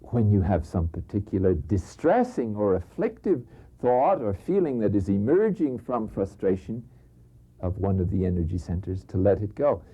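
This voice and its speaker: Older priest telling lively stories. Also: male voice, fairly low pitch, moderate pace, husky. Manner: lively storytelling, chuckles, drops to a hush for emphasis. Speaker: priest giving a spiritual conference. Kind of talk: spiritual talk with anecdotes. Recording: dull lo-fi recording.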